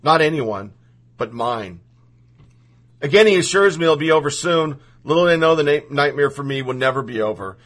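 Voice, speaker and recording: A man's voice: a little high, lively intonation, normal speed, a bit bright. A man reading a personal story aloud in the first person, earnest and emotional.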